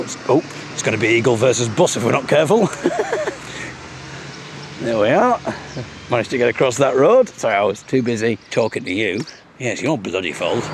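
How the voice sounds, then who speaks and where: Low-voiced man rambling on a walk. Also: background noise. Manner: chatty, self-mocking, jokey asides. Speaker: audio blogger. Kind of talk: rambling comic monologue on a walk. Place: outdoors walking along a road.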